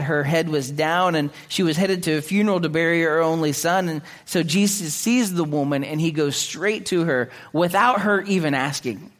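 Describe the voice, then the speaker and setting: A man preaching a sermon in an earnest way, often restarting his words and clearing his throat. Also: on the high side, normal speed, hardly any pauses. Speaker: pastor.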